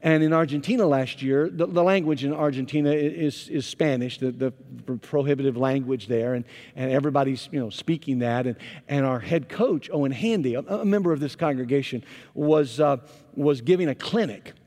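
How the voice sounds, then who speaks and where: A man, a pastor, preaching a sermon as an animated storyteller whose volume rises and falls. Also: mid-range voice, brisk. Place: church sanctuary. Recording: long reverb of a large hall.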